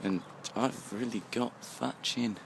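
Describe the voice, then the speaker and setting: A gravelly, fairly low-pitched English man in his twenties takes it slowly as he rambles and swears nonstop, a bit tipsy on his walk home at night. He vlogs into the phone in his hand, and there's faint passing traffic behind him.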